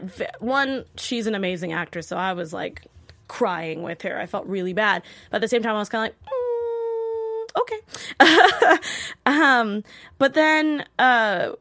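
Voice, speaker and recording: A woman hosting a casual TV episode recap, chatty and animated, often acting out characters' lines. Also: medium pitch. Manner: chatty, peppered with "like". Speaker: host.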